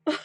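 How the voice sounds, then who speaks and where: A player of a tabletop game, giggling and jumping in quickly. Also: darkish tone. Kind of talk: casual tabletop game chat.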